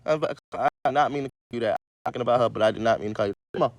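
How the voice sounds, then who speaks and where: A man casually reading a children's story aloud and breaking off into loud, profane, joking commentary. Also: mid-range voice, rapid-fire, dry recording. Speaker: radio show host reading to kids.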